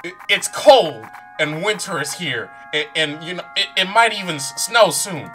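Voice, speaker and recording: A man's voice: sits high, animated, moderate pace, pushed and bright, faint music behind. A man voicing a shy, bashful young man who stutters nervously and trails off.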